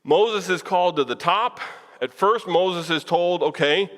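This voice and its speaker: Man, preacher, conversational teaching, fairly high voice, long church reverb. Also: a little slow. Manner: conversational, asks the room questions, chuckles. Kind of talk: Bible class teaching. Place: church hall.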